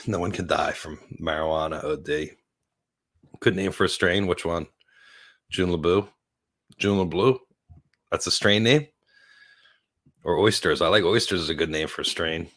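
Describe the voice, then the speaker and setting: Fifty-something male host, lowish voice, chatting loosely on a porch, stoned and drifting. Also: a bit bright. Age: 50s. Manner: rambling, giggly, stoned and slowing down. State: very high on cannabis. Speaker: livestream host. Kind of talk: casual live-stream chat. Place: outdoor porch.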